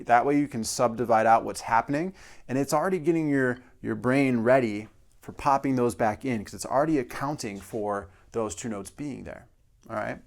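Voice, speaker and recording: A man's voice: medium pitch, normal speed, creaky, background noise. A male drum teacher explaining a practice exercise step by step and counting beats aloud. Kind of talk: instructional demonstration.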